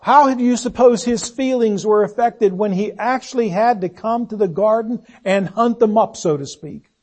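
A man's voice: high voice, moderate pace, darkish tone. A man preaching a sermon, earnest and searching, posing one rhetorical question after another and letting his voice sink on solemn phrases.

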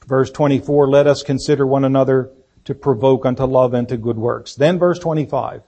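A man preaching a sermon as pastor, speaking deliberately and emphatically, with fillers and restarts. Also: mid-range voice, fairly even intonation, dark tone. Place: church sanctuary.

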